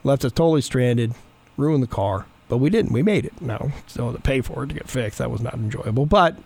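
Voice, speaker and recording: A man's voice: medium pitch, expressive, brisk, vocal fry, a little mellow. A middle-aged man, a pastor, giving a folksy, conversational sermon.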